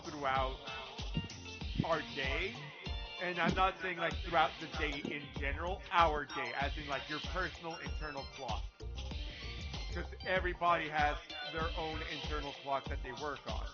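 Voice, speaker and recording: A man's voice: fairly high pitch, moderate pace. A man hosting a stream, chatting casually and swearing as he rambles. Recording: muffled stream audio with music behind.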